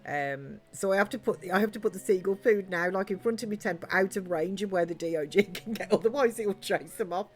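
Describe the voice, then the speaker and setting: A woman's voice: medium pitch, a little fast, hardly any pauses, soft background music. A woman streamer thinking aloud while playing a cozy farming game, with lots of ums and likes. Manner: rambling, thinking aloud with fillers. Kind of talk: casual gameplay commentary.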